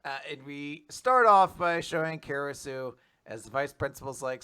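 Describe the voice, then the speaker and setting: A man's voice: mid-range voice, sharp tone, clear, resonant tone. A young man co-hosting a casual manga recap, summarizing chapters and acting out the characters' lines. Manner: acts out characters' lines in quick voices while summarizing. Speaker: podcast co-host.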